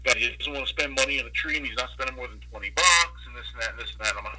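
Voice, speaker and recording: Guy telling a sweary story over a phone line, bright sharp voice, kinda husky. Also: medium pitch, racing. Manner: profane, animated anecdote with quoted voices. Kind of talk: casual storytelling.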